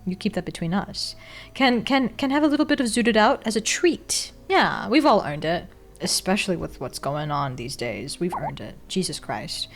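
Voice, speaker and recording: A woman's voice: fairly low pitch, expressive, moderate pace, faint music behind. A young woman streamer chatting casually while drawing, blunt and candid, swearing freely and laughing often.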